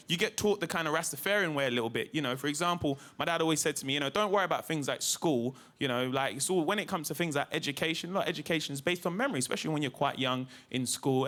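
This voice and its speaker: A man doing a lively, chatty stand-up routine on a TV studio stage. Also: a little high, very fast, few pauses. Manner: lively, chatty, peppered with "you know, man". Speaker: stand-up comedian.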